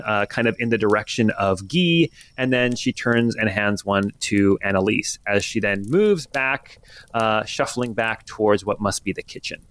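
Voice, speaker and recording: A man's voice: fairly low pitch, clean tone, no echo. A man running a tabletop game as game master, narrating casually with many ums. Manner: relaxed, many fillers.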